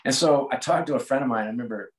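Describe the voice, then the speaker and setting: Man, 40s, interview guest, candid, reflective, restarts sentences, middle pitch. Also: rapid-fire, low-quality recording. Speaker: guest, sports executive. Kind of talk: conversational interview.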